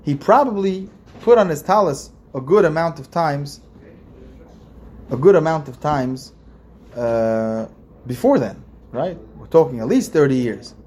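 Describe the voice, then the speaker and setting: A man's voice: fairly high pitch, expressive, unhurried, darkish tone. A man, a rabbi, giving an informal religious lesson in a conversational way, repeating phrases and asking his listeners questions. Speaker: rabbi teaching a class.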